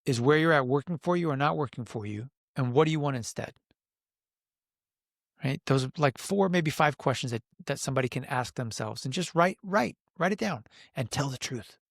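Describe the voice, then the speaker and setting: A man, a coach, speaks earnestly on a podcast, leaning into his stories with emphasis and a touch of emotion. His voice sits at an average pitch, recorded dry and close with little room sound. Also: moderate pace, vocal fry, a bit bright, no room sound. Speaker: podcast guest, men's coach. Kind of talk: casual podcast conversation.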